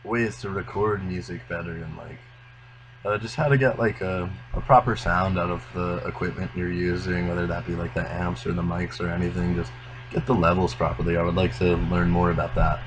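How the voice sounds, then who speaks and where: A young male musician speaks with a very deep, low voice in a casual interview. He talks earnestly and without hurry, his sentences often trailing off quietly. A faint hiss runs under the recording. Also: level tone, brisk. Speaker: musician guest.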